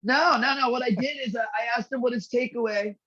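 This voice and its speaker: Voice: mid-range voice, brisk, over a noisy crowd. A podcast co-host telling a long story in a casual, rambling, heavily profane way. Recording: slightly dull lo-fi audio.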